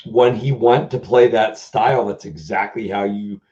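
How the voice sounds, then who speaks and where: Guy rambling through a story on a stream, lowish voice, dull muffled audio. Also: moderate pace, warm tone. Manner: rambling storyteller, mimics people he quotes. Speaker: host. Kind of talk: casual chat. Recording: muffled lo-fi sound.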